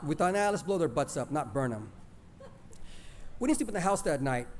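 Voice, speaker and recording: Warm-voiced man telling a childhood story. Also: on the high side. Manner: plainspoken, mixes in Spanish words. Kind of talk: oral storytelling of a childhood memory.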